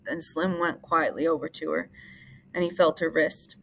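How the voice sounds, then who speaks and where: A teacher reading a novel aloud in plain, steady narration. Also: female voice, low-pitched, normal speed, vocal fry, slight background noise.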